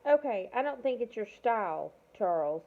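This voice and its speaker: A woman's voice: on the high side, big pitch swings, normal speed. A woman reading aloud, voicing a wary teenage boy in her own plain voice. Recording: tinny phone-like audio.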